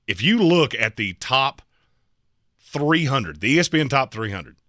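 A man co-hosting a sports talk show, debating coaches in an emphatic, opinionated way with quick jokes. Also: mid-range voice, sing-song, a bit bright, no room sound, studio quality. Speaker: sports podcast co-host.

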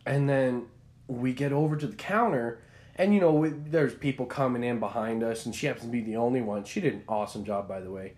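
A young man co-hosting a podcast, telling a story in an animated, rambling way with many restarts. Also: mid-range voice, a little fast. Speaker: podcast co-host. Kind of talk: casual chat.

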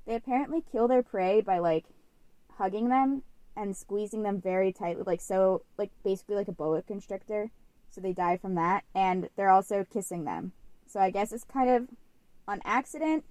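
A young woman co-hosting a podcast tells a story in a chatty, casual style, full of "like" fillers. Her voice is medium-pitched and darkish, at normal speed, in a dry recording.

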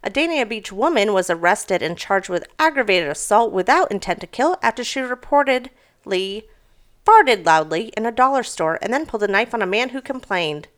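Speaking at a moderate pace in a medium-pitched, sing-song voice, a young woman co-hosts a laid-back podcast. She reads strange news stories aloud, recounting them animatedly and cursing freely.

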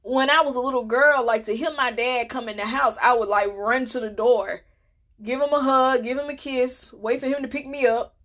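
A young adult woman hosting a podcast, telling personal stories in a casual, animated and playful way, often laughing. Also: on the high side, moderate pace. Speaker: podcast host. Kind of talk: casual storytelling monologue.

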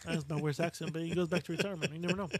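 A man's voice: fairly high pitch, steady tone, racing, breathy edge. A man co-hosting a boxing podcast, talking casually and animatedly, swearing freely and acting out what fighters say. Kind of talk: casual chat.

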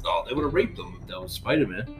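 A man's voice: on the low side, animated, fast talker, echoey room, over music. A man co-hosting a casual podcast, rambling and swearing as he jumps between news stories. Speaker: podcast co-host. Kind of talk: casual crude banter.

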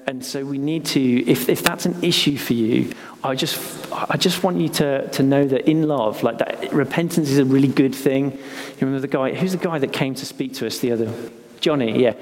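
A man giving a sermon in a casual, halting way, with restarts and fillers, then reading scripture slowly and softly with long pauses. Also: medium pitch. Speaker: pastor. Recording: long hall reverb with faint ambient noise.

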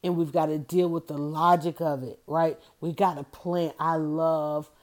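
A woman's voice: sits low, level tone, a little slow, a little mellow. A middle-aged woman talking in a casual, rambling monologue, emphatic and full of restarts and self-corrections.

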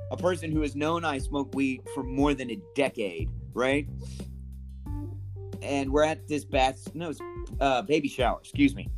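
A man co-hosting a podcast, telling animated stories with a lot of swearing. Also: medium pitch. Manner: animated, profane storytelling. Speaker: podcast co-host. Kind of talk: casual chat.

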